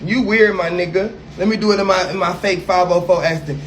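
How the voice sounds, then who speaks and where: High-pitched guy ranting on a livestream, brash and swearing a lot, faint hiss in the background. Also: a little fast. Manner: brash, profane, sassy.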